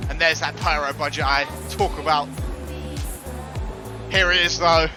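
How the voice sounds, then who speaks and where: A man with a high-set voice calls a wrestling match live, excitable and joking, sometimes breaking into loud drawn-out introductions. Music runs clearly underneath him. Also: poor audio. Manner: excitable, jokey, bursts into shouted ring introductions. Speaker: wrestling commentator. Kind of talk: live play-by-play commentary.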